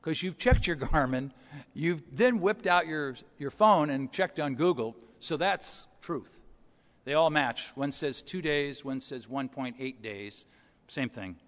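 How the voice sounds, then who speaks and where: Storytelling preacher in a reverberant church. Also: male voice, on the high side, expressive, a little slow. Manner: storytelling, swings between soft and loud. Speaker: pastor. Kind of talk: sermon.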